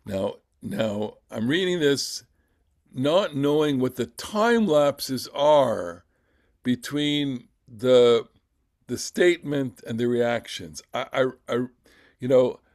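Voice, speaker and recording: A man leading a text study class, reading aloud and commenting in a theatrical way with many halting restarts. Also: medium pitch, dry recording, studio quality. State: emotional, voice catching. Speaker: Torah class teacher.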